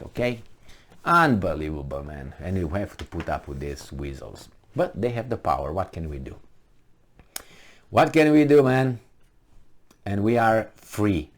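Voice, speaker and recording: A man giving opinionated solo commentary in a vlog, sarcastic and incredulous, firing off rhetorical questions. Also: low voice. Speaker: vlogger.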